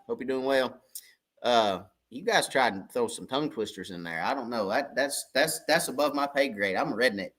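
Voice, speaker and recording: A man's voice: mid-range voice, lively intonation, fairly quick. Folksy man hosting a livestream. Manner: folksy, rambling, shouts out viewers by name. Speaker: fishing channel livestream host. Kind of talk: casual livestream chat.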